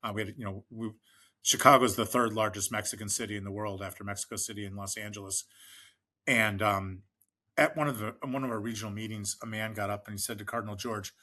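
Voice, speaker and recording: A middle-aged American fundraising expert, a guest on a podcast interview, tells long conversational anecdotes in a lowish, steady voice that's fast, pushed and bright. He uses frequent fillers and restarts and acts out the people he quotes.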